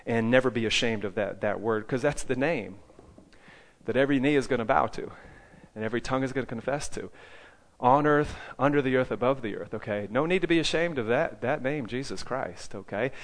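A man's voice: medium pitch, brisk. A man preaching to a live group in a mid-range voice. He checks in with his listeners after nearly every point, tacking on "okay?" and throwing questions back at them. He speaks as a teacher of evangelism.

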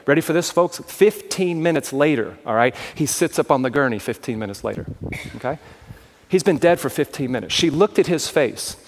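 A man's voice: fairly high pitch, expressive, fairly quick. A man giving a sermon-style talk as a traveling evangelist, telling stories and often asking the crowd if they follow. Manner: storytelling with frequent asides and checks to the crowd.

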